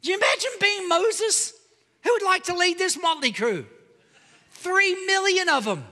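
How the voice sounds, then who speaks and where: Male pastor preaching with a piercingly bright voice, lively and pleading. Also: extremely high pitch, moderate pace, in a large hall. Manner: animated preaching, calls out to the congregation. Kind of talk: sermon. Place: church auditorium.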